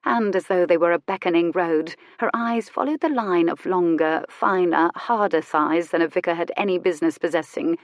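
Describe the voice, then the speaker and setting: A woman narrating a historical romance audiobook in an expressive, measured storytelling manner. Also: on the low side, no room sound, studio quality. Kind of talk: scripted narration.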